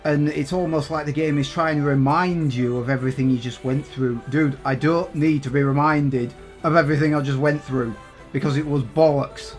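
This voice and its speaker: A man's voice: on the high side, steady tone, normal speed, faint music behind. A man doing casual, exasperated game commentary with plenty of swearing. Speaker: gaming YouTuber.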